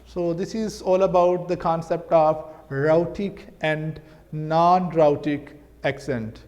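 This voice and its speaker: A man with a Pakistani English accent explains a lesson at a slow, careful pace. His voice sits fairly high for a man, and he repeats words and checks in with his listeners. The sound carries a long reverb, like a bare room. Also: fairly even intonation, a little mellow. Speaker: linguistics teacher. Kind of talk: recorded lecture.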